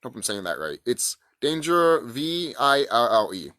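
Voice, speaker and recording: A man's voice: mid-range voice, very animated, measured pace, background noise. A man ranting to camera in a rambling, profane, emphatic way about spiritual ideas. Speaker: vlogger. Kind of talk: casual spiritual rant to camera.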